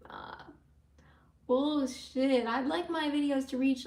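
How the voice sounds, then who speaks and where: Woman live streamer, high voice, rambling chat answering comments, recorded from a distance in an echoey room. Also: slow pace, darkish tone. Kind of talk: casual livestream chat with viewers. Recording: roomy sound from away from the mic.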